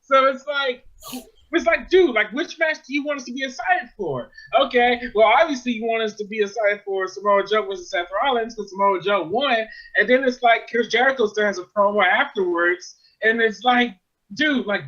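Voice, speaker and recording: High, bright-voiced man ranting casually. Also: muffled recording. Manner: profane, exasperated ranting. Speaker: wrestling show reviewer. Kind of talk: casual chat.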